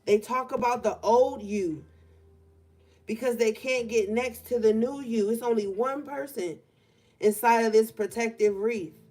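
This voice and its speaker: A woman's voice: fairly high pitch, mellow. A young woman talking casually through a collective tarot reading, stretching out words for emphasis, in a room by an open window. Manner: casual, conversational, drawn-out emphasis. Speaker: tarot reader.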